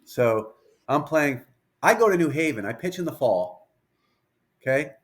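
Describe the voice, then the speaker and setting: Lively storytelling man in his fifties. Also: fairly high pitch, unhurried. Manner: lively anecdotal, acts out dialogue. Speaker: pitching coach, interview guest. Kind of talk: storytelling interview.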